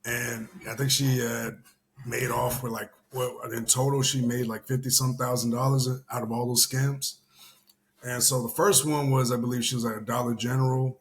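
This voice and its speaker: A man's voice: mid-range voice, level tone, normal speed. A young adult man from the Houston area, host of a casual commentary show, telling a story in a rambling way with lots of fillers and casual swearing.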